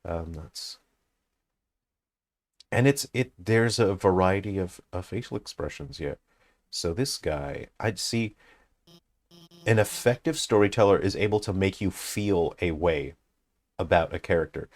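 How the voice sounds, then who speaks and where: A man's voice: low-pitched, a little slow, long pauses. A man, a game developer, giving analytical commentary on a game he is playing, thinking aloud with many fillers. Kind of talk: gameplay commentary.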